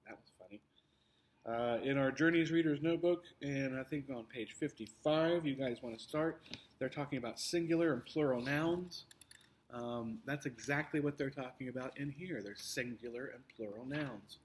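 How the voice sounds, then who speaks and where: A man teacher explains an upcoming test to his students, patient and halting. His voice sits at an ordinary middle pitch, and he often restarts his sentences and fills pauses with "um" and "uh". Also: a little hiss or hum. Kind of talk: recorded test review for students.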